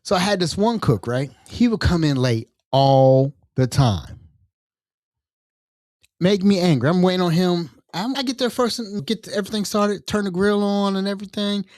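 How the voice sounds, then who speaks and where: A man hosting a podcast, telling a story in casual chat and acting out the people in it with lively, colloquial phrasing. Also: high voice, moderate pace, dry recording. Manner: animated storyteller acting out quoted voices. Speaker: podcast host.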